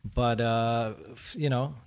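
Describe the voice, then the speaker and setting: A man from Iran who grew up in Sweden, a guest chatting in a relaxed, rambling way on a podcast. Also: medium pitch, slow pace, clear, resonant tone. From Iran, raised in Sweden. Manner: relaxed, rambling, frequent laughs. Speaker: guest musician. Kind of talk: casual podcast chat.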